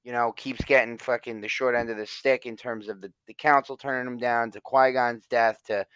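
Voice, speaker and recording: A man's voice: medium pitch, steady tone, fairly quick, a bit bright, clean tone, no room sound. A man chatting casually as a podcast co-host, blunt, emphatic and profane. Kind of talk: casual chat. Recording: dry, slightly dull lo-fi sound.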